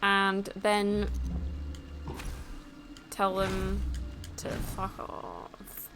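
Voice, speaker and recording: Slow-talking playful woman. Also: mid-range voice, monotone. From United Kingdom. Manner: playful, giggly, silly bits of accents. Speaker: streamer co-host. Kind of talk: casual gameplay chat. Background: game music.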